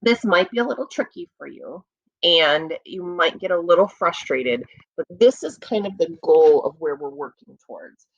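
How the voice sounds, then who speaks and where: Speaking at a fairly low pitch with plenty of expression, a woman teaches young children to read, patiently taking it slowly, repeating words and stretching sounds to encourage them. The audio sounds dull.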